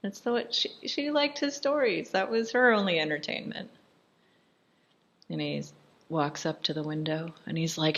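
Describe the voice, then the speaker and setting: A woman with a low voice talks through a film in casual commentary, recapping each scene in a chatty, amused way. She quotes the dialogue loosely and laughs often as she goes. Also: expressive, moderate pace, gravelly, pushed and bright.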